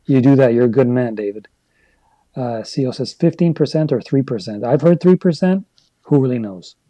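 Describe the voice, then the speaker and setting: A man's voice: medium pitch, lively intonation, normal speed, dark tone, no echo, lo-fi sound. Canadian man ranting on a livestream. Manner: conversational, rambling, gets worked up into rants. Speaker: livestream host reading chat. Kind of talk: casual livestream chat.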